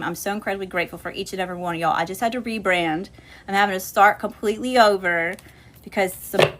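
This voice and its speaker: A woman with a medium-pitched voice hosts a casual livestream tarot reading, with slight background noise. A spiritual channeler, she's animated and profane, cursing freely and calling her viewers y'all.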